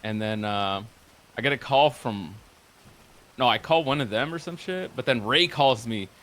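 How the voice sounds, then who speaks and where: A man's voice: medium pitch, moderate pace, a bit bright. A man casually recounting a roleplay session, rambling and cursing as he quotes the others back and forth. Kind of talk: casual storytelling.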